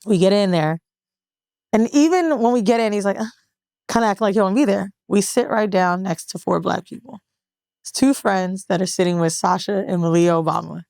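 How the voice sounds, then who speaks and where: A woman co-hosting a podcast, telling a long story in casual, profane chat with lively voiced quotes. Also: medium pitch, fairly quick, creaky, dry recording, studio quality. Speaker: podcast co-host.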